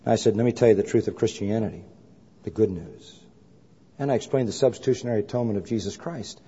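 Preacher telling a story in a reverberant hall. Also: male voice, lowish voice, fast talker, slightly rough. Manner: animated storyteller acting out dialogue. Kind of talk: sermon storytelling. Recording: muffled hall recording with long reverb.

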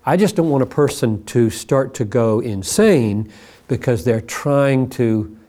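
A man's voice: medium pitch, a little slow, warm tone. A man answering a listener's question as a pastor, earnest and emphatic, his voice climbing sharply when he stresses a point. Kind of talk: reflective spoken answer.

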